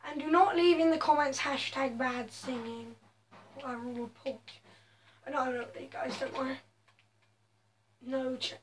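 A woman's voice: high-pitched, fairly even intonation, unhurried, long pauses, slight background noise. A woman chatting over her own gameplay, mocking her own skill and breaking into sudden exclamations. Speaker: gaming video host. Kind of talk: casual gameplay commentary.

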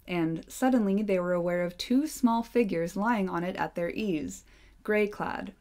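A woman's voice: medium pitch, darkish tone. A young woman reading a novel aloud and breaking off for gushing, giggly casual commentary.

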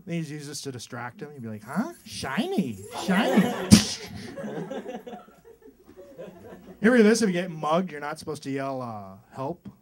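A male stand-up comedian performing a routine on a club stage, mixing deadpan setups with acted-out voices. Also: a little high, fast talker, few pauses. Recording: live club set with loud crowd laughter.

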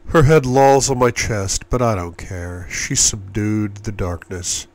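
A man narrating an audiobook in the first person, with an intimate and measured reading. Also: fairly low pitch, dry recording. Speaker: audiobook reader.

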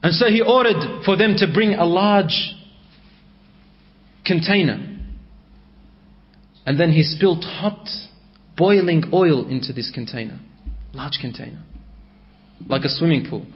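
A male preacher tells a story in a sermon, his voice sitting high. He swings from raised passages to hushed ones. The recording sounds slightly dull and lo-fi. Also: lively intonation, a little slow, long pauses.

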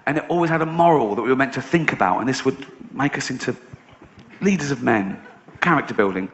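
A man's voice: medium pitch, animated, fast, a bit bright, lo-fi sound. A middle-aged man doing a stand-up routine, telling a story sardonically and swearing casually. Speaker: stand-up comedian. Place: live stage show.

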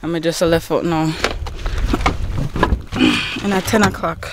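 A young woman vlogging in a casual, animated way, full of slang and swearing. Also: low-pitched, slow pace, very noisy. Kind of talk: casual vlog chat. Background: loud music.

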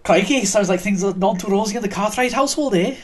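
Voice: mid-range voice, fast, pitched above the performer's own voice, lightly acted. A let's-play gamer voicing a boastful, chummy fairy sidekick with slangy talk. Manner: slangy, matey, calls the boy Ollie boy.

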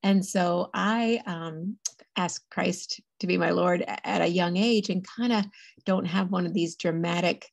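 A middle-aged woman, a podcast guest and author, talking earnestly and chattily in a casual interview, with quick laughs. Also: lowish voice, vocal fry, no echo.

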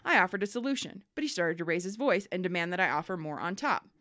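A woman co-hosting a podcast, reading listener emails aloud and telling stories in a lively, swearing, laughing way. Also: on the low side, quick pace, no echo, clean studio sound. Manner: animated storyteller, swears freely, laughs often. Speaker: podcast co-host.

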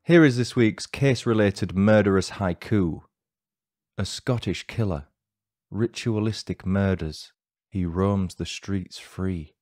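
Guy doing a true crime podcast, lowish voice, close dead-dry mic, deadpan little jokes. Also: no room sound. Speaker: podcast host. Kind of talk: scripted true-crime narration.

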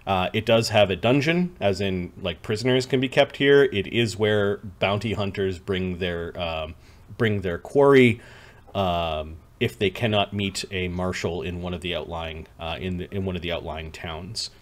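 A man's voice: low voice, moderate pace. A man narrating a tabletop game as game master, rambling with many fillers and restarts.

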